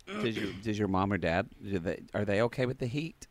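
Gushing podcast co-host, lively up-and-down voice, dry close mic. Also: male voice, fairly low pitch, brisk, dry recording. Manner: chatty, gushing, teasing, laughs often. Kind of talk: casual chat.

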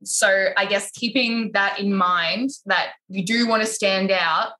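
A woman chatting casually about her photography business, animated and full of filler words. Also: medium pitch, measured pace, poor audio. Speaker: wedding photographer, podcast guest. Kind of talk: casual podcast chat.

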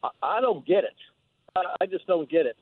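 Older caller on a tinny phone line. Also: male voice, sits high, expressive, slightly rough, no room sound. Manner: halting, repeats words, opinionated. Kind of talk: call-in radio chat.

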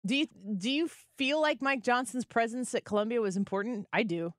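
A woman's voice: on the high side, fairly quick, no room sound, clean studio sound. A woman hosting a radio talk show, chatting casually and sarcastically with co-hosts. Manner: animated, sarcastic. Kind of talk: casual chat.

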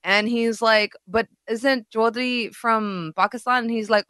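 A woman co-hosting a podcast who talks in a candid, profane and animated way, acting out scenes as she goes. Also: fairly high pitch, normal speed, few pauses, dry recording, clean studio sound. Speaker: podcast co-host. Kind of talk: casual chat.

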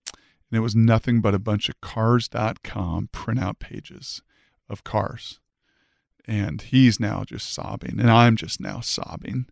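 A man's voice: lowish voice, steady tone, takes it slowly, vocal fry, dry recording, clean studio sound. A man, a former football player, telling an emotional personal story as a podcast guest, earnest and fervent, often restarting his sentences.

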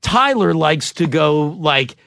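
A man hosting a casual talk show, animated and teasing, quick to laugh. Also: on the high side, vocal fry, no echo, clean studio sound. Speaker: radio show host. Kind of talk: casual chat.

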